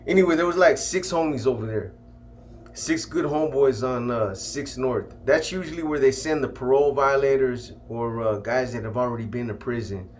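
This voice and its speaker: A man recounts his past in relaxed, slangy storytelling, often tacking on "man". His voice sits at an ordinary middle pitch. A faint hiss of room noise sits behind him. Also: normal speed. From California. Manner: laid-back street slang, trailing off with "man". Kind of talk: casual first-person storytelling.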